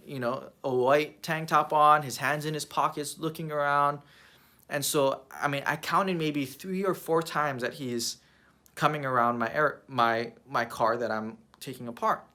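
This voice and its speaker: A man, a youth pastor, telling a personal story in a sermon in an animated way, often repeating his words. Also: fairly high pitch.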